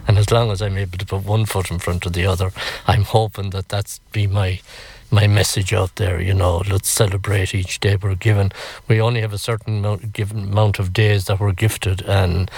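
Older irish man, low voice, rambling warm reminiscence, dry close sound. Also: steady tone, normal speed, dry recording. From Ireland. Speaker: interviewee. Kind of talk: reflective storytelling.

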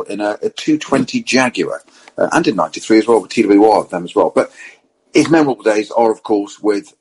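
A man's voice: mid-range voice, slightly rough, poor audio. A man telling racing anecdotes in a casual chat, quoting people as he goes. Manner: animated storyteller who quotes others in their own voice.

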